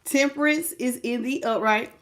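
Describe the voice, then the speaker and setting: A middle-aged woman speaks in a fairly high voice as she runs a casual tarot livestream. She greets viewers by name, calls them baby, and shifts into prayerful invocations before drawing cards. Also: normal speed, a bit bright. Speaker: tarot reader.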